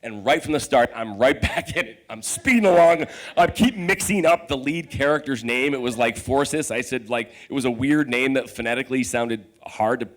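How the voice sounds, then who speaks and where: A man telling a true personal story on stage, animated and profane, laughing as he talks and acting out his own inner voice. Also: medium pitch, normal speed.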